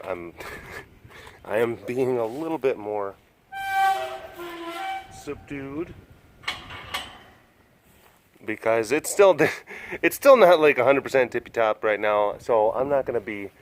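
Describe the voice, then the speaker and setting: A medium-pitched male voice, with a little hiss or hum behind it, belongs to a big cat sanctuary vlogger. He wanders the outdoor compound talking casually, joking around and cooing at the cats.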